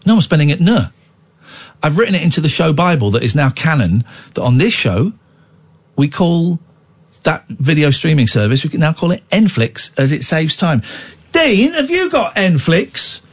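Lively, teasing man in his forties. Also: a little high, moderate pace, breathy edge. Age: 40s. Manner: rambling, playful and teasing. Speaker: radio show host. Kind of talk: late-night talk radio chat.

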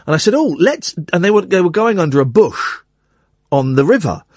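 A middle-aged man hosting a radio show, telling an anecdote with lively acted-out quotes. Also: fairly high pitch, brisk, no echo, studio quality. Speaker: radio host.

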